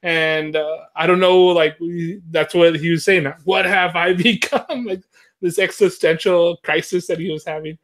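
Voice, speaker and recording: A man's voice: a little high, little pitch movement, normal speed. A young man in casual conversation, talking loosely with lots of fillers and frequent laughter. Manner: rambling, filler-heavy, laughs often. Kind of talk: casual chat.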